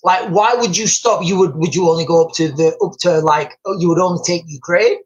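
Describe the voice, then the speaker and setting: A British man from the United Kingdom hosts a live stream, talking fairly quickly in a high-pitched voice, with the highs cut off in the audio. He rambles at length about world events, repeating and restarting words, calling viewers "guys" and reading their comments aloud.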